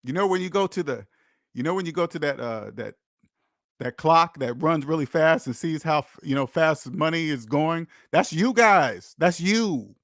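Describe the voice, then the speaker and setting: A man's voice: a little high, expressive, normal speed, a bit bright, no echo, studio quality. A man hosting a personal finance channel, lecturing his viewers in an emphatic, repetitive monologue. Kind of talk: preachy direct-to-camera monologue.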